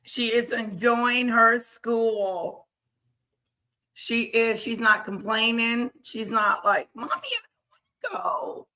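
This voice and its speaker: Woman streamer chatting slow, bright voice, laid-back storytelling. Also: medium pitch. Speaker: livestream host. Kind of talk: casual livestream chat.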